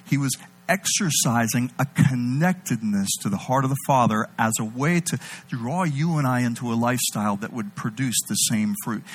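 A man preaching a sermon, animated, swinging between loud emphatic bursts and low intimate delivery. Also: breathy edge, low-quality recording.

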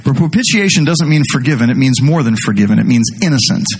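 A middle-aged man preaching a sermon as pastor, animated and jokey, speaking directly to his congregation. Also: mid-range voice, quick pace, husky.

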